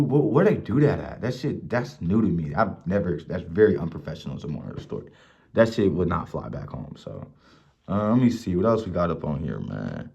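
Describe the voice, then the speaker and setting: Deep-voiced young man ranting, lo-fi. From Mansfield, Ohio. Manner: profane, animated, acts out quoted people. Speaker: vlogger. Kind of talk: casual storytelling rant. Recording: dull lo-fi recording.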